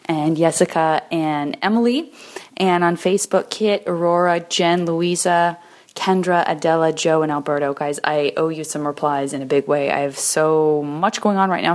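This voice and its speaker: A woman hosting her podcast in loose, casual chat, her voice sitting a touch low. She talks in a chatty, self-deprecating way and is quick to laugh, speaking into a studio mic with headphones on. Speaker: podcast host. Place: home setup in a remote recording.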